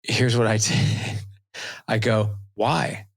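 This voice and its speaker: A man's voice: sits low, a little fast, creaky, slight background noise. A man in his forties, a dad coach guest on a podcast, chatting casually and acting out family conversations as he tells stories. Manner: animated storytelling, acts out dialogue. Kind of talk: casual interview talk.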